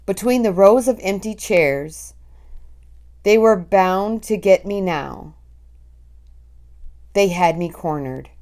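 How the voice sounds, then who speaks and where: Female reader, unhurried, dramatic children's story narration. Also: fairly low pitch, a little mellow. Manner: slow, dramatic, breathless storytelling. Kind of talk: storybook reading aloud.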